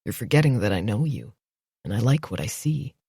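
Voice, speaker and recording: A woman narrator voicing a grounded, gruff blue-collar man in an audiobook, with a low-key, steady, reassuring manner. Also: a little fast, dry recording, clean studio sound, full character voice. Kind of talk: audiobook dialogue.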